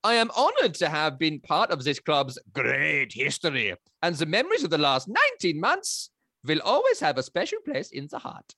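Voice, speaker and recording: A man doing an earnest German football coach reading his farewell, with a thick put-on German accent and a voice that climbs high and swings all over. The sound is bright and dry, close to the mic. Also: huge pitch swings, normal speed, dry recording, full character voice. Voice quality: lilting, rising pitch.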